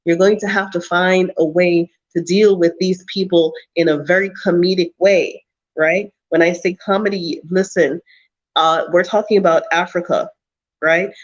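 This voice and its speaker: A woman's voice: on the low side, highs cut off. Emphatic woman lecturing her livestream viewers. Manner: emphatic, preachy, repeats herself for stress. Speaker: vlogger answering live chat. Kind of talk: casual livestream advice talk.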